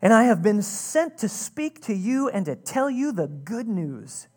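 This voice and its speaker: A woman's voice: medium pitch, big pitch swings, measured pace, a little mellow. A woman voicing a stern male angel messenger in a sermon, speaking firmly and emphatically. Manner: firm, emphatic, a little teasing.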